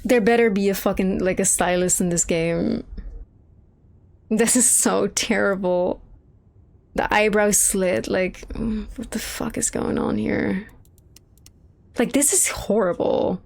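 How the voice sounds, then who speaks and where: A woman's voice: mid-range voice, steady tone, takes it slowly, gravelly, pauses often, a little mellow. A young woman streaming a game, commenting casually as she rambles, swears and laughs.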